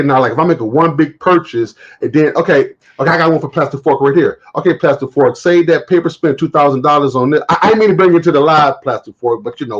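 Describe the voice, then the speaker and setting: Animated man storytelling on a live stream. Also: fairly high pitch, husky, dull audio. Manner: animated storytelling, acts out quotes, swears. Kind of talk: casual live stream chat.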